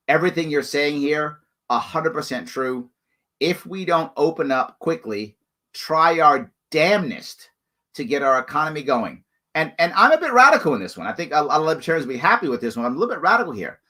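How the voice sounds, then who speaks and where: A man hosting a live show, answering viewer questions in emphatic, repetitive bursts. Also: on the high side. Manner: emphatic, animated, repeats points for stress. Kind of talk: live call-in style solo talk.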